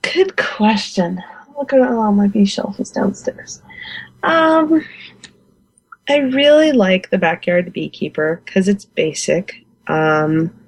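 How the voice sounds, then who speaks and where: A woman's voice: mid-range voice, expressive, takes it slowly, breathy edge, dry recording, rough recording. A woman in her forties from the United States, a guest beekeeper chatting in an interview, enthusiastic and laughing often. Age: 40s. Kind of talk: casual interview chat.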